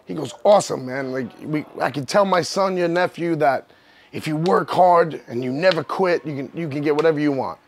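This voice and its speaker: A professional wrestler from New York tells his story in a candid sit-down interview, his voice fairly high and his delivery brisk. He's emotional and rambling, frequently saying "you know what I mean."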